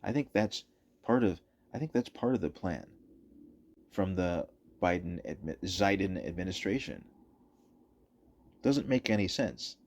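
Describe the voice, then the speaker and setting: Low-ish voiced guy ranting commentary over video clips, emphatic, repeats himself. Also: lively intonation, unhurried, long pauses, a little mellow, a little hiss or hum. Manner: emphatic, repeats points for stress. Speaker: political commentator. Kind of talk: opinionated commentary over footage.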